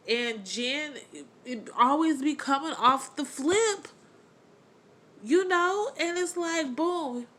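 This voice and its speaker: A woman's voice: medium pitch, a little hiss or hum. A young woman vlogger recapping a reality show in casual, slangy, gossipy chat, talking animatedly as she acts out bits of what people said. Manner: chatty, slangy, animated gossip with acted-out quotes.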